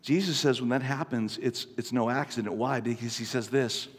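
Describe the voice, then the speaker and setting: A man in his fifties preaching a sermon, an animated, self-mocking storyteller. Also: medium pitch, normal speed, slightly rough. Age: 50s. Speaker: pastor. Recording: long reverb from a large hall.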